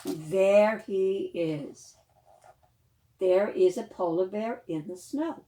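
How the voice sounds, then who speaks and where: A woman librarian leading a children's storytime, reading a picture book aloud with animated questions to the young listeners. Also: medium pitch, slow, slight background noise. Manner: animated, questions to the children, gasps and sing-song.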